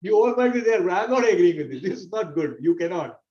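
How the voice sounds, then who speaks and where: Brief: angry warrior prince refusing to back down, a man putting him on, loud and high, roomy and dull sound. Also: very animated, fast talker. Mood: defiant. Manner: loud, raised and defiant.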